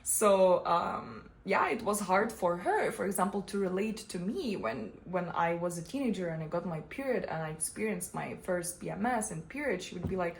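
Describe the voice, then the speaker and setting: A young adult woman vlogger and coach giving casual, expressive personal talk to the camera, often breaking into laughter. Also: on the low side, moderate pace, gravelly, hardly any pauses, slight background noise.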